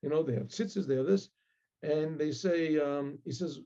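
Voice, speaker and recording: A man, a rabbi, telling a story with animated delivery, acting out the voices of the characters. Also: on the high side, moderate pace, muffled recording.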